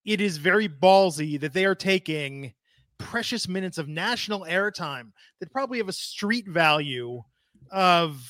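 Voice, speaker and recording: A man with a high, bright voice talks through a casual wrestling podcast. His delivery is dry and sardonic. The sound is close and dead, with no room in it. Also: lively intonation, unhurried, dry recording. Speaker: podcast co-host.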